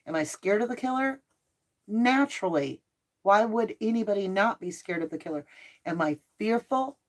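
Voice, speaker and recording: A middle-aged woman hosts a casual livestream and talks in a loose, chatty way. Her voice sits a little low, and she answers viewers as she goes. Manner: chatty, reads out viewer comments. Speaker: livestream host.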